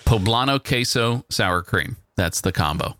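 A man co-hosting a podcast in casual banter, delivering absurd jokes in a deadpan way. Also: lowish voice, measured pace, no echo, clean studio sound. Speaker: podcast co-host.

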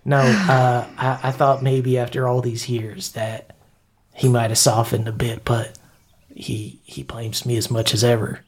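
A man voicing an old, gentle male elf who quavers through tears, his voice cracking. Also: mid-range voice, level tone, a little slow, slightly rough. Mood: cheery, weepy. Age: older.

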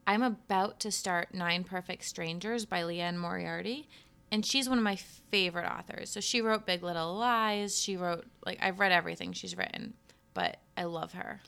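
A woman's voice: fairly low pitch, moderate pace, gravelly, sharp tone, clear, resonant tone. A young woman co-hosting a podcast, chatting casually about books and reacting agreeably. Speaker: podcast co-host.

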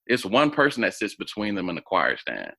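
Deep, bright-voiced man telling a story. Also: brisk, gravelly. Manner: animated, acts out quoted voices with big pitch jumps. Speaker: guest. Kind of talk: storytelling in an interview.

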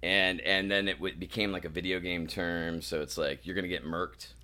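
A man's voice: deep voice, steady tone, normal speed, crowd noise. A man in his late thirties from Wisconsin, a guest in casual chat, joking and self-deprecating. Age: 30s.

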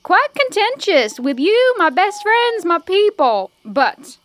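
Woman playing a folksy, high-voiced elf druid. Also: very animated, takes it slowly, fairly bright tone, no echo, full character voice. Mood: earnest. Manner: folksy, rallying speech. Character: woman druid of the elves, earnest. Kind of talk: tabletop role-play.

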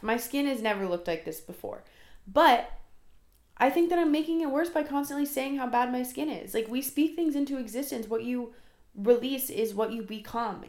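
Rambling chatty young woman podcaster. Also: a little high. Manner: rambling, self-deprecating, chatty. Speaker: podcast host. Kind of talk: casual solo podcast chat. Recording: echoey room.

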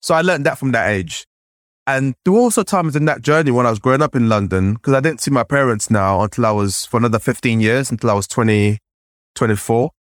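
Here a man from Nigeria, appearing on a podcast, recounts his story in an animated, "like"-filled conversational style. His pitch jumps as he performs remembered voices. He keeps a quick pace, and the sound is dry and intimate with no surrounding room.

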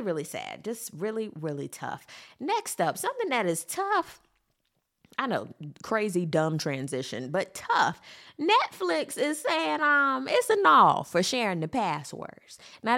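A woman hosts a casual commentary show, talking straight to her listeners. Her voice sits fairly high and swoops up and down as she fills her talk with asides and emphasis. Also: unhurried, creaky. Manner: animated, talks straight to her audience with many asides.

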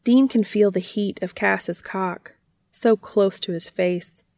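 A woman narrating a story aloud in a steady, even reading voice. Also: mid-range voice, slow, no room sound.

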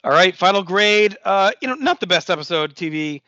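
A man's voice: high-pitched, expressive, a little fast, sharp tone, dry recording, dull audio. A man co-hosting a podcast, casually recapping wrestling shows and swearing freely. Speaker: podcast co-host.

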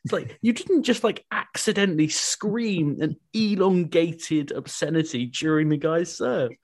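A man's voice: fairly high pitch, measured pace. A man hosting a podcast. He talks in a wry, chatty way and laughs often. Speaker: podcast host. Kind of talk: casual chat.

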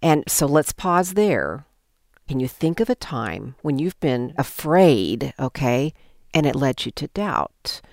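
A woman's voice: very deep voice, takes it slowly, dry recording, clean studio sound. An older woman leading a Bible study discussion, telling stories expressively and guiding the group through scripture. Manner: expressive, animated storytelling with laughs.

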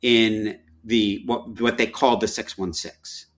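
A man's voice: fairly low pitch, steady tone, slow, fairly bright tone. A man who is a guest on a podcast, chatting casually about a movie and rambling with many fillers. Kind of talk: casual movie review chat.

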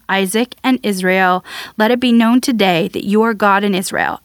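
Woman, scripture reader, measured delivery, mid-pitched, dry close-mic sound. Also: fairly bright tone, dry recording. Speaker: Bible reader. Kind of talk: scripture reading.

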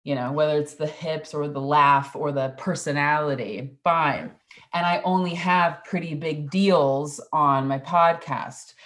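A woman in her thirties with a notably low, deep voice talks in a casual interview. She is chatty and playful and tells her stories with animation. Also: steady tone, a little slow, fairly bright tone. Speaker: podcast host and interview guest.

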